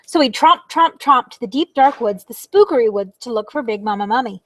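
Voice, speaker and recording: A woman reading a picture book aloud for a library storytime, with a slightly high voice. She is expressive and playful and makes sound effects. The recording is dry and close. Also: moderate pace, no echo.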